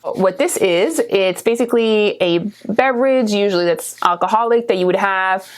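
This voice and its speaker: A woman from Canada, teaching vocabulary and repeating each word clearly with a frequent "okay?". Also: medium pitch. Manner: slow, clear repetition, checking in with "okay?". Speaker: French teacher. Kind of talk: vocabulary lesson.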